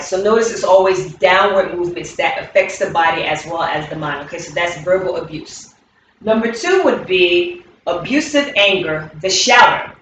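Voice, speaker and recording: A woman's voice: on the low side, moderate pace, fairly bright tone, a little hiss or hum. A woman teaching as a movement coach, repeating key words with emphasis as she demonstrates. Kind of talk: instructional talk with movement demonstrations. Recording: very echoey room, distant mic.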